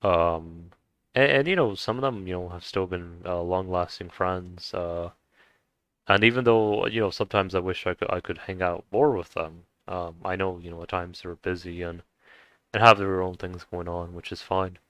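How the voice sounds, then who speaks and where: A young man from the United States talking in a casual, halting personal monologue, with many restarts. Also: deep voice, steady tone, fairly bright tone, clean tone, dry recording. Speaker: vlogger.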